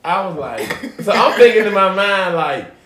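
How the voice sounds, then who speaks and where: A man hosting a casual podcast, telling a profane story with animated swings between loud bits and hushed asides. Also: high voice, unhurried, over a noisy crowd. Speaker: podcast host. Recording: echoey room.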